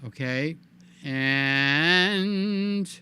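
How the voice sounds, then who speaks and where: A man hosting a live stream in casual, animated chat, cooing in baby talk and reading viewer comments aloud. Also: on the high side, drawn-out words, clear, resonant tone. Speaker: livestream host.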